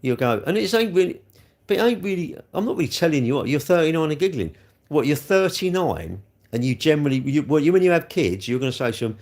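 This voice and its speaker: Fast-talking and very animated, a man with a fairly high but darkish voice and vocal fry answers chat comments on his live stream. His talk is rambling and casual, and he gets steadily heated while scolding trolls.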